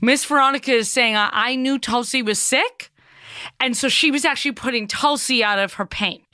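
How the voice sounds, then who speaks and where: A woman's voice: fairly high pitch, normal speed, sharp tone, smooth, dry recording, clean studio sound. A woman impersonating a chatty middle-aged psychic medium with a Long Island accent, rambling with many fillers in a comedy sketch. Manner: rambling, full of fillers and restarts.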